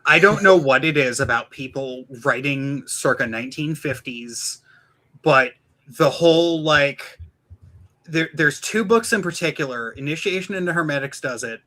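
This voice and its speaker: A man with a bright, forward tone and a slightly high pitch talks in a loose streamed conversation. He stumbles and restarts often. When he quotes a book, he drops into a mock announcer voice. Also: moderate pace, rough recording. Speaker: podcast guest. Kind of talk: casual streamed chat.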